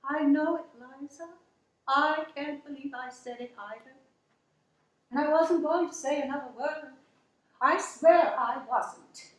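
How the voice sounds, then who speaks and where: A woman's voice: sits high, roomy sound, low-quality recording. An actress playing a down-to-earth working wife who finally stands up for herself, telling her story in an earnest, emotional monologue. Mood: pleading. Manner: slow, emotional, earnest retelling.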